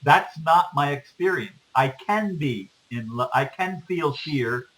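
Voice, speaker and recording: A man's voice: fairly high pitch, slow, a bit bright, low-quality recording. A man in a casual conversation, agreeing and reflecting on his own experience, checking he has understood. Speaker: co-host in conversation.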